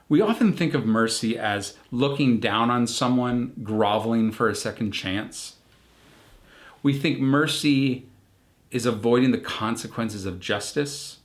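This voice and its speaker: A man, a pastor, delivering a recorded online sermon in a measured, reflective way with emphatic pauses. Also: medium pitch.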